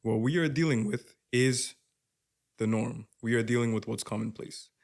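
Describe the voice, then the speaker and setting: Canadian dude on a podcast, fired up, says bro a lot, normal mid voice. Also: male voice, mid-range voice, normal speed. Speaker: podcast co-host. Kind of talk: casual podcast chat.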